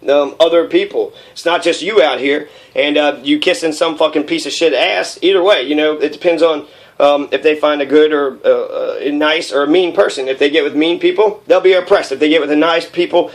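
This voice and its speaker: A man in his thirties in a raw, rambling personal monologue, profane and heated, with many fillers. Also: fairly high pitch. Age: 30s.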